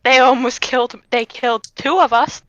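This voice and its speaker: A woman at a tabletop game protesting indignantly. Her voice is high, on a dull, lo-fi mic. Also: fairly even intonation, normal speed, a bit bright, no room sound. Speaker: player. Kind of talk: casual tabletop play, partly in character.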